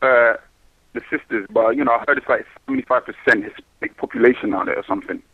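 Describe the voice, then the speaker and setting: A nineteen-year-old man from London with a London accent, calling a radio show, talking quickly and excitedly. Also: no echo. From London, England. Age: teens. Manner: excitable, quick, with laughs and rising pitch. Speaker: caller. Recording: muffled phone line.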